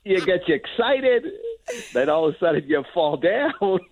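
A man's voice: sits high, moderate pace. A man co-hosting a movie review chat, telling a long story and acting out the quotes as he goes. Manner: animated storyteller, acts out quotes. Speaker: film critic co-host. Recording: tinny phone line, dry.

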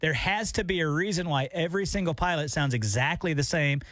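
A man's voice: fairly high pitch, brisk, fairly bright tone, dry recording, studio quality. A man co-hosting a morning radio show, chatting animatedly and slipping into sleepy pilot impressions. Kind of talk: casual radio banter.

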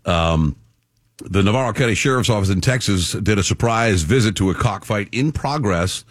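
A low-pitched man hosting a talk radio show, bantering casually with his co-host and reading stories aloud with wry commentary. His voice sounds close and dry, with no room around it. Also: expressive, moderate pace, no room sound. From Florida. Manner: chatty, wry, reads news items aloud with asides.

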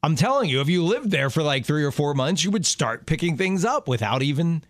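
A middle-aged man co-hosts a talk show in a casual, storytelling way, laughing easily. His voice sits a little high for a man. The sound is close and dry. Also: sing-song, no echo. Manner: chatty storyteller, quick laughs. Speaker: radio show co-host. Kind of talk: casual chat.

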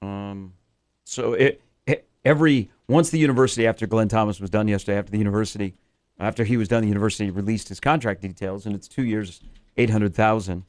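A man's voice: lowish voice, fairly even intonation, fast talker. A male sports radio host chats loosely, rambling through his points with frequent filler words. His talk is casual and unscripted.

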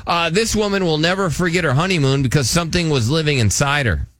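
Animated radio host, mid-high voice. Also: male voice, fast, no room sound, studio quality. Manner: laughs often, acts out callers' stories in squeaky voices. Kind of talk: casual radio show banter.

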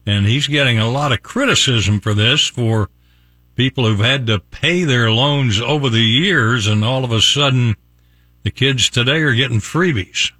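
A man's voice: medium pitch, moderate pace, sharp tone, no room sound, clean studio sound. A man hosting a morning radio show in a friendly, conversational way.

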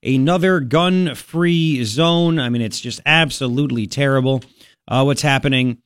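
A man hosting a political talk radio show, combative and sarcastic, talking fast and loose with frequent asides. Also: medium pitch, fairly bright tone, smooth, no room sound.

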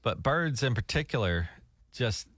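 A man's voice: medium pitch, sing-song, unhurried, a bit bright, dry recording. A male radio host with a mid-range voice, trading easygoing morning-show banter. His voice is recorded close and dry on a studio mic, with no room sound. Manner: easygoing, chatty, wry asides. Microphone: studio microphone.

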